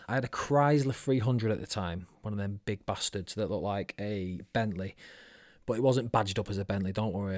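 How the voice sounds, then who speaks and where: A man's voice: lowish voice, no room sound, studio quality. A man hosting his own podcast, telling a story in a chatty, sweary, self-mocking way. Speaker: podcast host. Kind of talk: casual solo storytelling.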